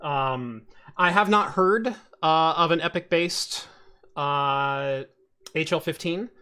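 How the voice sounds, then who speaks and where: A man's voice: a little high, takes it slowly, clean tone. A man hosting a casual tech podcast, telling stories in a rambling way with lots of fillers and restarts. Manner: rambling, many fillers and restarts, animated storytelling. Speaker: podcast host.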